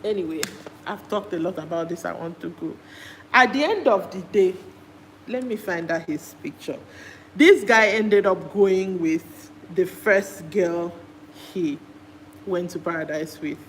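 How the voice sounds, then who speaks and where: A woman from Nigeria vlogging, retelling a show in a casual, chatty way with animated jumps into high-pitched exclamations. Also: unhurried, a little hiss or hum, rough recording.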